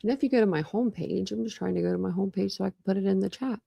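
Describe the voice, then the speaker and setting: A woman's voice: mid-range voice, very fast, creaky, dark tone, husky, dry recording. A woman in her forties at home, chatting casually on a live stream in a rambling way, full of "like" fillers. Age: 40s. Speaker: true crime YouTuber on a live stream. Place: at home, room with couch and cat.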